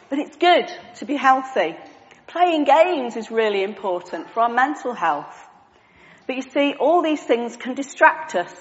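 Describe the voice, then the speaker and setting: A woman's voice: mid-range voice, big-room sound, lo-fi sound. A woman preaching an all-age sermon with props, chatty and self-deprecating, asking the congregation questions.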